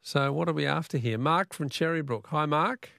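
Chatty Australian radio quiz host. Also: male voice, on the high side, moderate pace, creaky, fairly bright tone, no room sound, clean studio sound. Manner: chatty, laughs easily.

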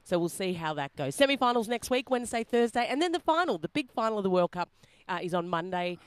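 A woman's voice: medium pitch, big pitch swings, smooth, no room sound. A woman with an Australian accent, a field reporter doing a chatty live cross on radio. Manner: chatty and laughing, quick asides. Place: at a roadside hotel.

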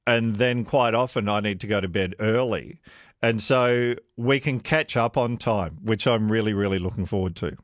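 A man's voice: fairly low pitch, normal speed, dry recording, clean studio sound. A man hosting talkback radio, chatting with callers and laughing often. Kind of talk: warm casual on-air chat with callers. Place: radio studio.

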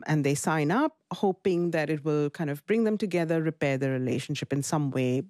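A woman book reviewer on a radio show, speaking in an enthusiastic, expressive way. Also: low voice, brisk, no room sound. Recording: dry studio sound.

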